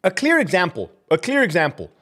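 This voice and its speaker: A man's voice: sits high, huge pitch swings, fairly quick, fairly bright tone. Fiery, profane man with a raised voice. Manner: profane, heated, ranting; drops Spanish slang into English. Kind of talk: livestream rant reading viewer comments.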